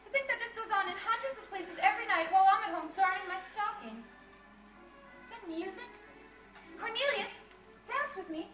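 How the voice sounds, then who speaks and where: An actress playing a bold, headstrong young widow in a live student stage play, emphatic and scolding. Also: female voice, very high voice, expressive, faint music behind. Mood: wistful. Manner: emphatic and scolding, quick to shout. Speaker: stage actor. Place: theater stage. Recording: echoey hall from far off, background noise.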